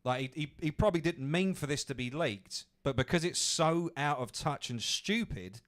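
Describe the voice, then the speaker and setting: A man's voice: fairly high pitch, lively intonation, moderate pace, a bit bright. A man hosting a podcast, ranting angrily with lots of swearing. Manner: angry, profane ranting. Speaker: podcast host. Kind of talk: ranting commentary.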